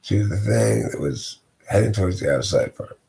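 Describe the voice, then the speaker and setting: A man's voice: sits low, sing-song, moderate pace, vocal fry, dark tone. A man telling an improvised story in a drowsy, meandering way, losing his thread.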